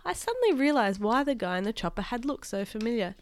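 A woman reading a children's chapter book aloud to a child as a teacher, animated and doing sound effects. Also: fairly high pitch, fast talker.

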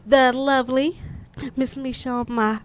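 A woman's voice: sits high, steady tone, measured pace. A woman hosting a casual talk show, playful and teasing, laughing often. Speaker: host. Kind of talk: casual chat.

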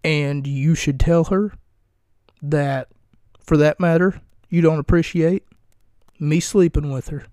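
A man's voice: on the high side, steady tone, takes it slowly, long pauses, warm tone, clear, resonant tone, dry recording, studio quality. A man hosting his own podcast, recapping and bantering in a wry, rambling, profane, self-mocking way. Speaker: podcast host.

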